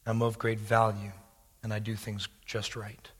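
A man's voice: fairly low pitch, monotone, a little slow, breathy edge, big-room sound. A man voicing a boastful golden vessel. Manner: boastful, loud, self-praising.

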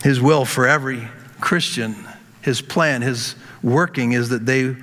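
A man's voice: medium pitch, unhurried, a bit bright, slight background noise. A male pastor preaching a sermon with emphatic repetition, speaking to the congregation as folks. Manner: emphatic, repeats words, addresses congregation as folks. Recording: long hall reverb.

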